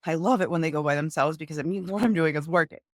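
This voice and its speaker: A woman's voice: low-pitched, fast talker, dry recording, studio quality. A young woman and mother of two, a guest in a casual interview, talking earnestly over a video call and acting out her talks with her kids.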